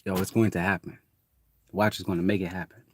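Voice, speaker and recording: A man rambles through a casual spiritual monologue and swears freely. His voice sits a little low. The sound is dry and close, with no room around it. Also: level tone, quick pace, breathy edge, dry recording. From Detroit, USA. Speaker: host.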